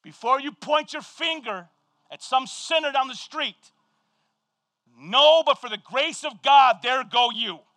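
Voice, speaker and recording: A man with a very high voice preaches a sermon, swinging from quiet scripture reading into loud, animated storytelling. The sound is dry and close, with no room echo. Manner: animated storytelling, shouting at peaks, quick asides. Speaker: pastor.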